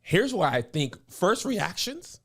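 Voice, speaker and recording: A woman co-host talking in an unhurried way, her pitch leaping up and down as she exclaims and breaks off mid-thought to restart. It is casual podcast chat, loose and expressive rather than scripted. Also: slightly rough. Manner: animated, exclaiming, trailing off and restarting. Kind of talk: casual chat reacting to a song.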